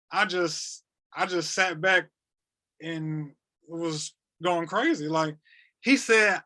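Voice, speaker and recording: Bright-voiced man in his thirties, animated storyteller. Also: fairly high pitch, slow pace. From North Carolina, USA. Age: 30s. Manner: animated, repeats words, acts out quoted dialogue. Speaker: podcast guest. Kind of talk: emotional storytelling.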